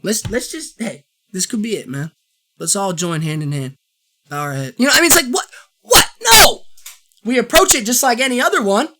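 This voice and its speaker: A man's voice: high-pitched, big pitch swings, a little fast, bright, forceful tone. A man hosting his own show, giving a fired-up, rambling sports opinion rant that circles back and repeats itself. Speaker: show host.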